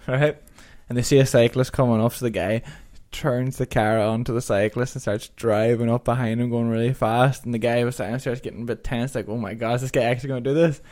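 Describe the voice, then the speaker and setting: A man's voice: mid-range voice, darkish tone. Playful joke-telling man. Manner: playful joke-teller, teasing and laughing. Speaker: podcast co-host. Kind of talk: casual chat, telling jokes.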